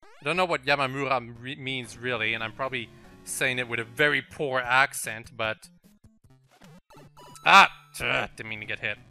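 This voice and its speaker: A man's voice: medium pitch, fairly quick, pushed and bright, soft background music. A man with a French accent hosting a game video, chatting and laughing through casual let's-play commentary aimed at the level maker. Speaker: gaming channel host.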